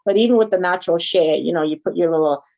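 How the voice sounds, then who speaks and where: Through a muffled recording, a woman with a fairly low, creaky voice talks at a quick pace. A small food business owner of Caribbean background, she's a guest in a casual interview, telling stories animatedly and frequently saying "right?" and "you got it."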